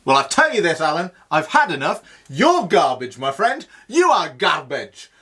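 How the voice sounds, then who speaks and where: A man's voice: a little high, wildly swooping pitch, moderate pace, sharp tone, husky, voice pushed down, exaggerated voice. A man playing a jubilant, gloating English football presenter who taunts his co-host in a comedy sketch. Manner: gleeful, taunting, showy sign-off.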